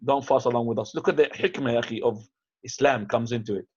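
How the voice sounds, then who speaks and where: A man's voice: medium pitch, fast talker, a little mellow, slightly rough. A man teaching in a casual, conversational way, mixing in Arabic phrases and restarting his sentences. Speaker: teacher answering questions. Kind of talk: lecture with questions. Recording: dull, lo-fi upload.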